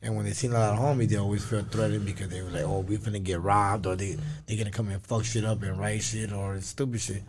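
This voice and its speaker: A man's voice: fairly low pitch, fast, few pauses, background noise. A man, a guest actor and musician, telling casual stories full of slang and acting out the people in them. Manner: animated, acts out voices, laughs.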